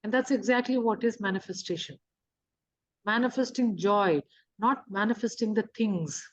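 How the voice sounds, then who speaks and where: A woman's voice: mid-range voice, moderate pace. A woman giving a spiritual teaching talk on emotions, explaining with rhetorical questions and everyday examples. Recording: dull lo-fi recording.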